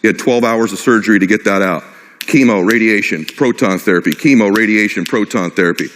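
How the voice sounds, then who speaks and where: A man's voice: lowish voice, a little fast, a bit bright, slight background noise. A middle-aged man giving a motivational stage talk, impassioned and personal, driving his point home with short repeated phrases. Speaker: motivational speaker. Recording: long hall reverb.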